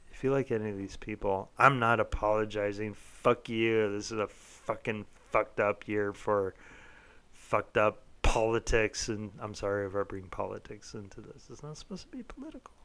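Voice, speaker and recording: A young man with a lowish, slightly bright, clean voice talks casually on a podcast. He rambles, swears freely, and says he's tipsy as he jokes and argues.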